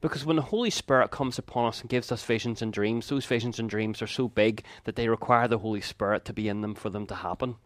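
A man in his fifties preaching a sermon, telling a personal story in an earnest way with quick laughs and asides. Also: fairly low pitch, no room sound.

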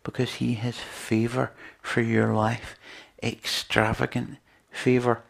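Gravelly man preaching. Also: medium pitch, little pitch movement, slow. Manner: earnest, conversational preaching with rhetorical questions. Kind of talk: sermon.

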